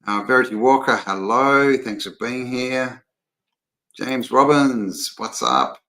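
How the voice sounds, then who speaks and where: A man's voice: medium pitch, takes it slowly, bright, forceful tone, rough recording. An Australian man hosting a casual livestream, rambling chattily and greeting viewers by name as he reads their comments. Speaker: livestream host.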